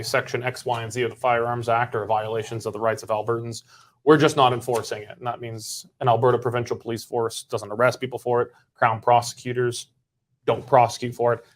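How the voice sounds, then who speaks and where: Male host, mid pitch, probing, presses with questions. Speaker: political talk show host. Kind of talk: casual political panel discussion.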